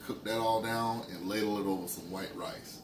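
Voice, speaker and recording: A man giving a casual home cooking tutorial in a relaxed, folksy way, talking through each step at the stove. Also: lowish voice, moderate pace, background noise. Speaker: home cook. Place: home kitchen, stove sizzling behind.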